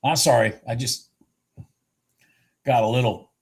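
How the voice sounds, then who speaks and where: A man giving excited live commentary on futures trades, exclaiming and repeating himself, with a husky voice. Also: medium pitch, a little slow.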